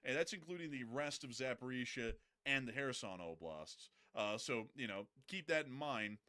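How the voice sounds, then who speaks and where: A man's voice: medium pitch, animated, moderate pace, sharp tone. Chatty man hosting a news stream. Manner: joking, loose and chatty, with frequent fillers. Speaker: livestream news host. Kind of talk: casual news commentary.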